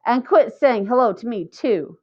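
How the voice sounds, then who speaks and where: A woman's voice: a little high, lively intonation, moderate pace, a little mellow, breathy edge. A woman voicing a prickly, defensive schoolboy who snaps curtly, in a slightly muffled audiobook recording. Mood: snappish. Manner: curt and snappish.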